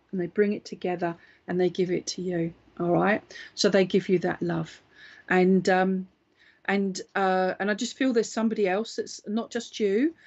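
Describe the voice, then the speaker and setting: A woman's voice: mid-range voice, darkish tone, dull audio. A woman working as a psychic medium, giving a live reading in a chatty, reassuring way and often checking in with her listener.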